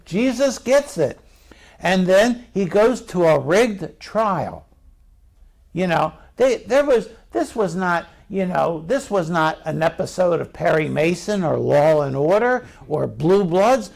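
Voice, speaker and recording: A man's voice: high voice, sing-song, takes it slowly, gravelly, a little mellow. A middle-aged male pastor preaching a sermon in a conversational way, asking the congregation questions.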